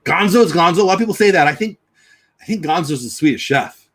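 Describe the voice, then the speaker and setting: A man hosting a casual livestream, chatting and thinking out loud as he answers viewers. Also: a little high, expressive, fast, breathy edge. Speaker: livestream host. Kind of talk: casual livestream chat reading comments.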